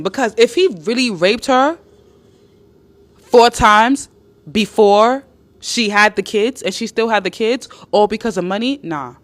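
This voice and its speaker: A woman's voice: fairly high pitch, fairly bright tone. A woman hosting a live stream, chatting with viewers and reading out their comments, speaking bluntly, swearing freely, and repeating herself for emphasis.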